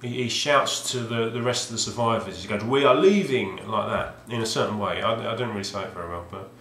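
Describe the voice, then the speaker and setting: A man's voice: on the low side, steady tone, fast, pushed and bright, slight background noise. A man vlogging about his video game finds, rambling hesitantly with wry asides and frequent restarts. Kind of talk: rambling casual monologue. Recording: roomy echoey home recording.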